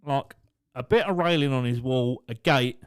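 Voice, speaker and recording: A man's voice: mid-range voice, moderate pace, clear, resonant tone, no echo. A young man co-hosting a podcast, telling stories in a loose, swearing, laugh-prone way. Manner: swears, laughs through his own stories. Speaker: podcast co-host. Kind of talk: casual storytelling chat.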